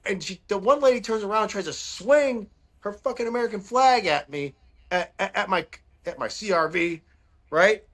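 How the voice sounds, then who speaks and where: Animated man telling stories on a podcast. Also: moderate pace. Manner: animated storyteller who mimics people in high voices. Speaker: podcast co-host. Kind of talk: casual storytelling.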